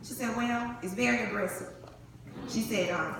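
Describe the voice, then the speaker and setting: A woman's voice: medium pitch, a little fast. A young woman, telling her own survival story to a live audience and acting out each voice in it. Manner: animated, acts out the dialogue. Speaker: breast cancer survivor giving a testimony. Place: large hall before an audience. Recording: echoey hall, far from the mic, crowd noise.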